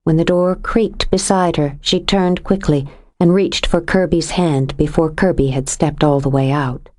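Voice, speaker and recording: A woman narrating a suspense audiobook in a steady, measured reading voice. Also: low voice. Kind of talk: scripted narration.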